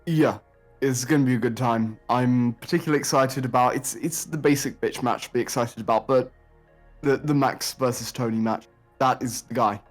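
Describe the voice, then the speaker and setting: A man as a guest on a casual podcast, easygoing and quick to laugh. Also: medium pitch, soft background music.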